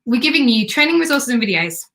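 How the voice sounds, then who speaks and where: A woman hosting a live stream as a business coach, chatty and excitable while pitching a program. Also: fast. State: has the hiccups.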